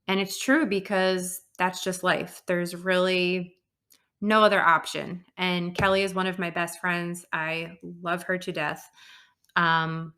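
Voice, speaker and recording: Earnest woman podcast host, bright voice. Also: fairly low pitch. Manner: earnest, reflective, frequent "um" pauses. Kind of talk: personal storytelling monologue.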